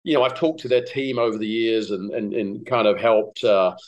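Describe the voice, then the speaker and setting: A middle-aged man with an English accent, a golf broadcaster chatting as a podcast guest, telling relaxed stories with plenty of fillers. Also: lowish voice, moderate pace, lo-fi sound. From England. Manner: relaxed storytelling with many fillers. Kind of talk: casual podcast chat.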